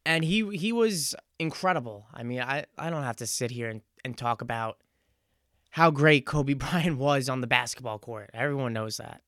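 Smooth-voiced young man, earnest and reflective. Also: mid-range voice, moderate pace, a bit bright, no echo, studio quality. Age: 20s. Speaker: podcast host. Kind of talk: casual solo podcast monologue.

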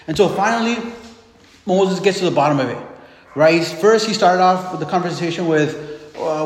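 A man's voice: a little high, brisk. Man preaching in an echoey hall. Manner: retells scripture in casual everyday speech, acting out voices. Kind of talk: sermon.

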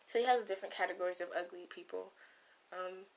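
A woman's voice: on the low side, steady tone, fast talker. A young woman vlogger in a casual, comedic monologue, rambling and losing her train of thought with playful asides, close to the mic. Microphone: close microphone.

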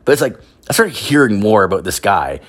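A young man from Canada, pitched a little low, rants through a story in loose casual talk. He swears constantly, leans on "like" as filler, and jumps up in pitch to mimic the people he quotes. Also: big pitch swings, a little fast, a bit bright. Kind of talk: profane casual storytelling rant.

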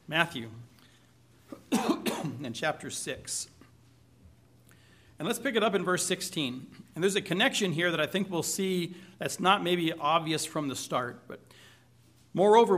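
A male pastor delivering a conversational sermon. His voice is bright and forceful, pitched a little high, and he mixes scripture reading with questions to the congregation and light humor.

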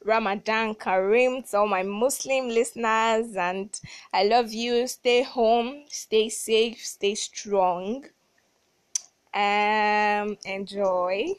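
A woman's voice: mid-range voice, fairly even intonation, drawn-out words, smooth, no room sound. A young woman hosting a solo advice podcast, talking emphatically and repeating words for stress. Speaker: podcast host.

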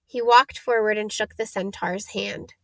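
A woman narrating a children's storybook in a steady, expressive read. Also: medium pitch, measured pace, creaky, no room sound. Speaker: audiobook narrator.

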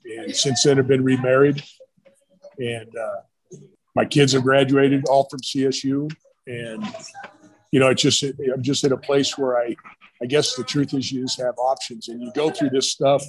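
A man's voice: medium pitch, low-quality recording. A middle-aged man, a retired football coach, telling rambling stories in a casual interview. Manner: rambling, storytelling with quoted voices.

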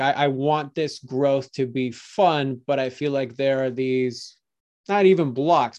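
Male host and coach, mid-range voice, calmly sums up his guest's points and checks in. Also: medium pitch. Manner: reflective, sums up with "right?" tags. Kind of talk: coaching conversation.

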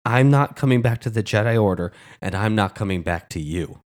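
A man's voice: on the low side, a little fast, natural voice. A man quoting a hurt young woman warrior. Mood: resolute.

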